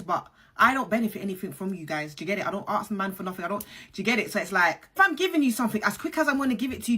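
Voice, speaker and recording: A woman's voice: medium pitch, pushed and bright, slightly rough. A woman, hosting a storytime vlog, talking animatedly and straight to her viewers with plenty of slang. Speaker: channel host.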